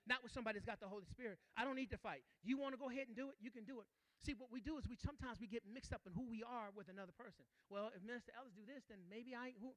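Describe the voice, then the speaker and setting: High bright preacher guy, aave, gets loud and repeats himself, dry sound. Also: racing, no room sound. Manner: rising to shouts, repeats phrases, calls out to the congregation. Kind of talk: sermon.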